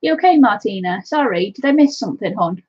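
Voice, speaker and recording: A woman's voice: medium pitch, animated, brisk, a little mellow, slightly rough, dry recording. Chatty lady colouring live at home, calls viewers my lovely, muffled dry audio. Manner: chatty, affectionate, greets viewers by name. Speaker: livestream colouring host. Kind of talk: casual live-stream chat while colouring. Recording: dull, lo-fi home stream audio.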